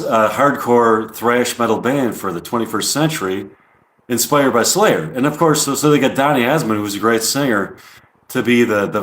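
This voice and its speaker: A man's voice: medium pitch, reverberant. A man doing a rambling improvised comedy monologue on a live stream, full of restarts and casual swearing.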